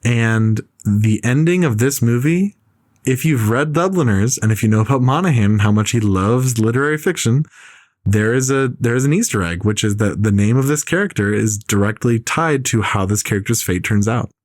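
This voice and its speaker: A man's voice: medium pitch, lively intonation, moderate pace, no echo, studio quality. A man ranting in casual podcast chat, opinionated and rambling, with lots of "like" fillers. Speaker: podcast co-host.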